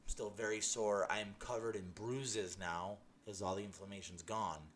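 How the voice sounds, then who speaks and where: A man tells his personal healing testimony in a lowish voice, emphatic and excited, stumbling over restarts as he goes. A faint hum of room ambience sits under his voice. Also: normal speed. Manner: excited, laughing, emphatic storytelling with many restarts. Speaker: testimony speaker.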